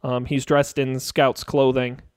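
A man's voice: medium pitch, flat delivery, a little slow, darkish tone, clear, resonant tone, no room sound, studio quality. A man narrating a tabletop game as game master, hesitant and full of fillers.

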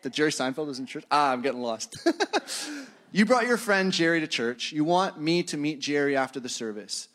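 A man's voice: fairly high pitch, very animated, normal speed, a bit bright. A male pastor delivering a sermon in a loose, conversational tone. He talks to the congregation like friends, poking fun at himself when he drifts off topic. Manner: conversational and self-deprecating, chuckles at his own tangents.

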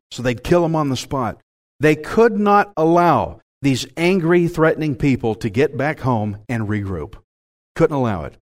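Man, Texan accent, preacher, folksy, lively up-and-down delivery, slightly high voice. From Texas. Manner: folksy, animated, laughs at himself. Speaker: pastor. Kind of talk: sermon.

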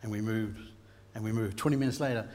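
An Australian man preaching a sermon, telling stories and rising to loud bursts. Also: on the low side, quick pace. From Queensland, Australia. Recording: long hall reverb.

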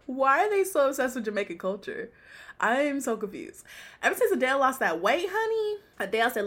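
A woman's voice: sits high, big pitch swings, brisk, a bit bright. A young woman hosting a podcast, blunt and profane, ranting about pop culture and laughing often. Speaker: podcast host. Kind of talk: casual pop-culture commentary.

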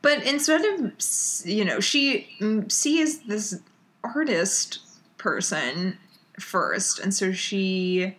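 A woman's voice: medium pitch, animated, fairly bright tone. An American woman recapping a TV episode in casual chat, laughing often and filling with "like". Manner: giggly, filler-heavy, drawn-out storytelling. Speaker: podcast co-host recapping a TV episode.

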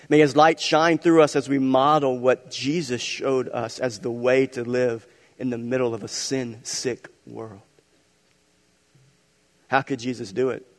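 Pastor man preaching, goes from big and loud to quiet and hushed, mid pitch, long echo of a big church hall. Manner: dynamic preaching, swinging from loud emphatic to soft and hushed. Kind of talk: sermon. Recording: long reverb of a large hall.

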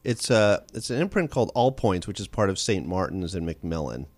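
A man being interviewed as an author on a call-in radio show, telling stories in a quick, animated way with frequent restarts. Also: low-pitched, dry recording. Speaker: author guest.

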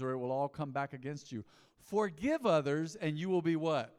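A middle-aged male pastor preaching a sermon, swinging from soft pleading to loud calls that get the congregation repeating after him. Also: a little high, normal speed. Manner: animated preaching, rising and falling dynamics, calls to the congregation. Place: large church hall. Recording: long hall reverb.

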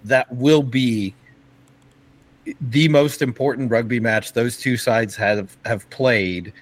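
A man co-hosting a podcast, talking sports in a casual, excited way, halting often with fillers and restarts. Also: medium pitch, no echo, rough recording. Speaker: podcast co-host.

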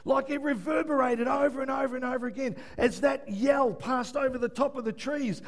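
A man preaching a sermon. He swings from quiet, low passages to shouted peaks and keeps asking the room "yeah?". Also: fairly even intonation, a little fast, few pauses. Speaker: pastor.

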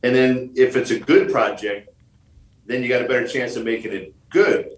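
A man's voice: medium pitch, moderate pace, reverberant, distant mic, low-quality recording. A man from Michigan, a guest on a podcast interview, telling stories in a jokey way and acting out the lines he quotes. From Michigan, USA.

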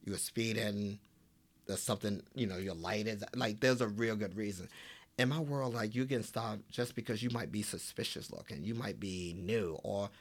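Animated male podcast guest telling stories. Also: on the low side, normal speed. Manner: animated, acts out quoted dialogue with fillers. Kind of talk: casual conversational storytelling.

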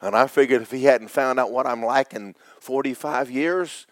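A middle-aged male pastor preaching, his voice tearful, dropping to whispers and rising to loud cries. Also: medium pitch, moderate pace, no echo. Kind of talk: sermon.

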